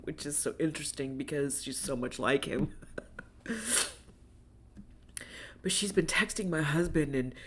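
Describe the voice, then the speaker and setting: Candid, swearing woman with a lower voice. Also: slightly rough. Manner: candid, rambling, swears freely. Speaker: podcast host. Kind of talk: personal monologue podcast.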